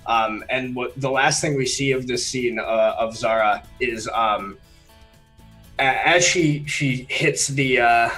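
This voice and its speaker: Halting man narrating a game scene. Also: medium pitch, pushed and bright, faint music behind, poor audio. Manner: halting, many fillers while describing scenes. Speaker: player. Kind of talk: narrating and voicing characters in a tabletop game.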